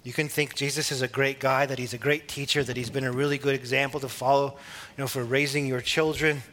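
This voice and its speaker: A preacher teaching from the Bible in a relaxed, conversational way, with small laughs and restarts. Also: male voice, medium pitch, quick pace, slight background noise.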